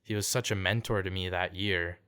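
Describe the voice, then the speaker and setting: A man's voice: sits low, steady tone, moderate pace, bright, forceful tone, clear, resonant tone. A young man from Canada telling a story in casual podcast chat, laid-back, peppering his talk with "like" and "dude" and acting out quotes. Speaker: podcast guest, singer-songwriter.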